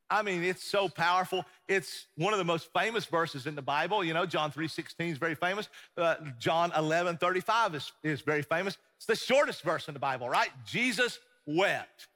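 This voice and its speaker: Male pastor, fairly high and forceful voice, loud-to-hushed preaching, long hall reverb. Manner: emphatic preaching, swinging between loud and hushed. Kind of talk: sermon.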